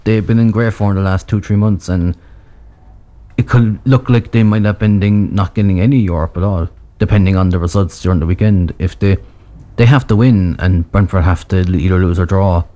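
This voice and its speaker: A man with a low, mellow voice chats casually about football. He talks hesitantly, restarting his sentences often as he works out his point. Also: steady tone, moderate pace.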